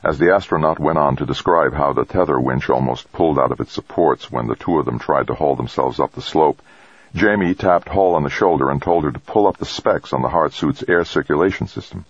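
A man narrating an audiobook in a steady, measured way. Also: very deep voice, breathy edge, dry recording, highs cut off. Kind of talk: scripted narration.

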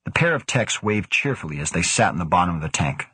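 A male narrator reading fiction aloud in a low, husky voice. The recording is close and dry, with no room around him. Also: sing-song, quick pace, bright, forceful tone, dry recording. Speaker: audiobook narrator. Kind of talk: scripted narration.

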